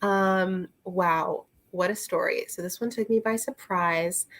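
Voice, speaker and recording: A woman's voice: on the low side, steady tone, takes it slowly, fairly bright tone. A woman in a casual book review chat, rambling and chatty, with many fillers and asides, talking straight to her viewers. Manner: talks to her viewers and a friend directly.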